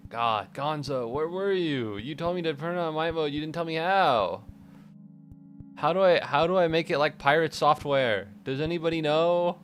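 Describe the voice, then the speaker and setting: A man in his twenties, his voice on the high side and his pace moderate, chats casually with his live-stream viewers while gaming. He rambles, jokes and swears, with a self-deprecating streak, over soft background music.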